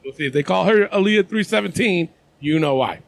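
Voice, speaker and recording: A man's voice: sits high, lively intonation, a little fast, gravelly, no echo. A man hosting a casual wrestling podcast chat, talking in a meandering, hedging way. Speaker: podcast host.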